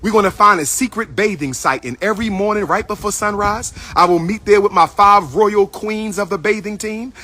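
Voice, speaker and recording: A livestream host talks straight to his audience from inside his school building, his voice high and bright. At a moderate pace, with hardly any pauses, he repeats phrases in a playful sing-song and calls out to viewers.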